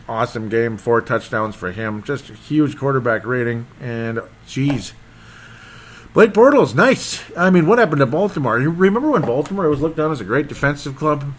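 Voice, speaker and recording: A man of average pitch talks through the week's football scores on his podcast. His recap is loose and excitable, and he wanders off topic and stumbles over names as he goes. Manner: rambling, excitable, loses his train of thought. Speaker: sports podcast host.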